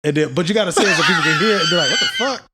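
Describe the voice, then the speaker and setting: Guy cohosting a podcast, slangy and jokey, laughing all the time, pitch jumping everywhere. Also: wildly swooping pitch, very fast, very noisy. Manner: joking, slangy, laughs often. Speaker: podcast co-host. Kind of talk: casual chat.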